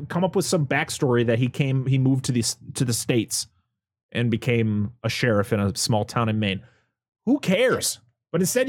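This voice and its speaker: Animated man recapping a movie. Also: mid-range voice, no echo, studio quality. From US, lives where beavers are common. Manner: animated, sarcastic, swears, laughs often. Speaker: podcast host reviewing a movie. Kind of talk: casual movie recap chat.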